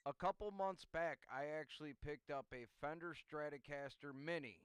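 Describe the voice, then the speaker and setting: A laid-back man with a smooth, clear voice speaks in casual chat. The sound is dry and close, with no room echo. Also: fairly high pitch, normal speed. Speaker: podcast host.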